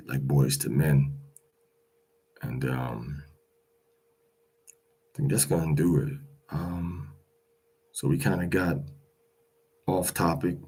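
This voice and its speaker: Slow, husky, deep-voiced male teacher. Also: warm tone, poor audio. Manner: slow and repetitive, drilling each word aloud with fillers. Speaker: Hebrew pronunciation teacher. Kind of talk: casual spoken lesson.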